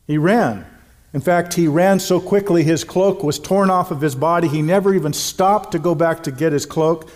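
Earnest man preaching, slightly high voice. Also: a little mellow. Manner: earnest, emphatic preaching with slow stressed phrases. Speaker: pastor. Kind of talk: sermon.

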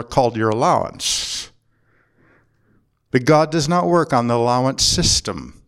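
A man preaching a sermon as a pastor, earnest and deliberate, slowing down and pausing to press his points home. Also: medium pitch. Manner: earnest preaching with slow emphatic pauses.

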